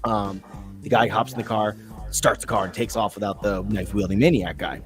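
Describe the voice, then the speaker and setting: Animated, swearing American man chatting. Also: lowish voice, brisk, faint music behind. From United States. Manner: animated, profane, acts out quotes. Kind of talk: casual chat.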